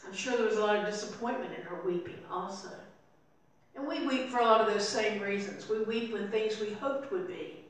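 A woman's voice: mid-range voice, brisk, a little hiss or hum. Echoey woman preacher, heard from afar. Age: older. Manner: storytelling, acting out voices softly in quotes. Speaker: pastor. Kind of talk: sermon. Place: church sanctuary. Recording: very echoey room, voice from far off.

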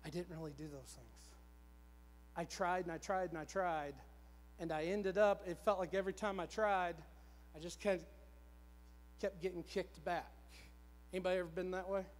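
High-voiced preacher man in a reverberant church. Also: fairly even intonation, normal speed, long pauses. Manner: conversational, repetitive, self-deprecating. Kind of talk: storytelling sermon. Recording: long church hall reverb.

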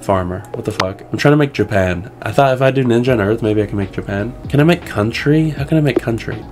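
Excitable man playing a game. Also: medium pitch, fast, music in the background. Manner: excitable, swears and laughs at his own failures. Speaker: gaming streamer. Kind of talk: casual gameplay commentary.

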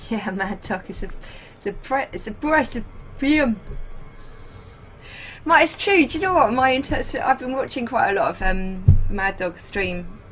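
A woman's voice: medium pitch, normal speed, hardly any pauses, soft background music. Chatty woman streamer. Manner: chatty, laughs often, reads chat aloud. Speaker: game streamer. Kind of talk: casual live-stream chat.

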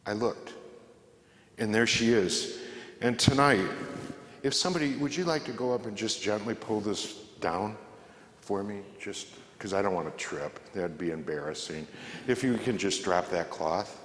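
A man's voice: lowish voice, moderate pace, fairly bright tone. Middle-aged male former radio host, conversational storyteller, long hall reverb. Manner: conversational, humorous, acts out the voices in his story. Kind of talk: storytelling talk to a church audience. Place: large church hall.

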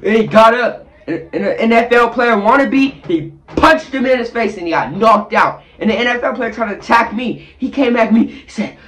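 A man's voice: extremely high pitch, lively intonation, normal speed, few pauses, fairly bright tone. A man vlogging a dramatic story from his bathroom, acting out scenes with sound effects and voices. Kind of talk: animated storytelling. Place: bathroom, sitting on the toilet.

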